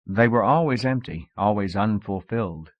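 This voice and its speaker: A man in measured, reflective scripted narration of an audiobook, on a dull lo-fi cassette recording. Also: on the low side, lively intonation.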